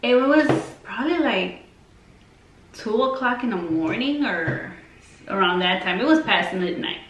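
A woman's voice: medium pitch, expressive, measured pace, muffled recording. A woman vlogger telling a story casually, rambling with lots of fillers and swearing. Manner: rambling and heavily profane, full of fillers. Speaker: beauty vlogger. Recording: roomy, distant mic, faint noise.

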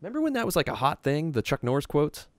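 A man's voice: fairly high pitch, very animated, noisy background. A man hosting a board game stream, chatting casually and joking playfully between turns. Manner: joking, playful, quick to laugh. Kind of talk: casual chat while playing a board game.

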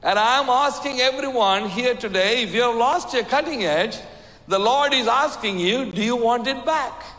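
Man, guest preacher, high bright voice, emphatic sermon, long church reverb. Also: normal speed. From India. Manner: emphatic preaching, asks the crowd "Amen?". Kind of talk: sermon with altar call and prayer. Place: church sanctuary. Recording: echoey reverberant hall.

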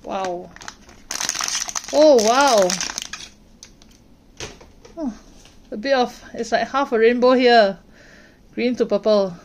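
A woman hosting a toy unboxing, gently narrating and reacting with delight to each figure as she unwraps it. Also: a little high, takes it slowly, pauses often, background noise. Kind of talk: unboxing narration, soft ASMR-like. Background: plastic crinkling and clicks from handling toys.

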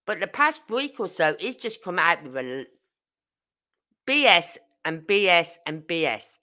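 A woman's voice: fairly low pitch, sharp tone. A woman hosting a true crime livestream, rambling and indignant as she reads out viewer comments. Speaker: true crime channel host. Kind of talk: casual livestream chat.

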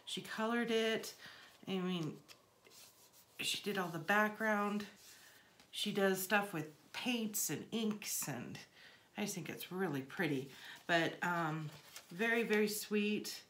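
A woman's voice: medium pitch, takes it slowly, long pauses, a bit bright. A woman hosting a casual crafting vlog, unboxing gifts and repeating her thanks, still recovering from the flu. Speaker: crafting channel host.

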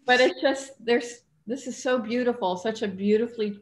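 A woman who cartoons and writes, speaking gushingly and tearfully with many pauses in a book talk. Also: on the high side, a little hiss or hum. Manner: gushing, tearful, hesitant with fillers. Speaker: cartoonist and author.

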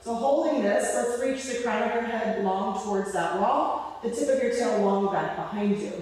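A woman's voice: a little high, moderate pace, a little mellow. A young woman physical therapist leading a home floor exercise class, counting reps and cueing breaths while a bit out of breath. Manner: encouraging, counts reps aloud, cues breathing. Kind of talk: guided exercise class instruction. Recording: echoey hall, voice far from mic.

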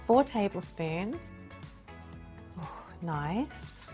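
A woman hosting a cooking show, chatting enthusiastically as she cooks and then asking quick-fire interview questions. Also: mid-range voice, sing-song, music in the background.

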